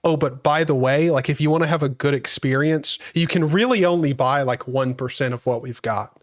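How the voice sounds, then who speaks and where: A man's voice: mid-range voice, a little fast, dry recording, studio quality. A man co-hosting a podcast, chatting casually and easygoing, chiming in with agreement. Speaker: podcast co-host. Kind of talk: casual tech chat.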